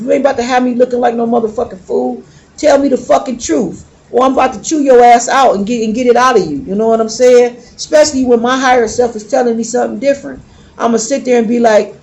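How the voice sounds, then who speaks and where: A woman's voice: on the high side, darkish tone. Woman, tarot reader, casual monologue, blunt, emphatic, profane.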